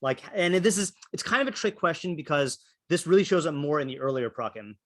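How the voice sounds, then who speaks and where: Calling on students as he goes, a man teaches a Torah class by thinking aloud, often restarting and filling gaps with fillers. His fairly high voice is expressive and brisk.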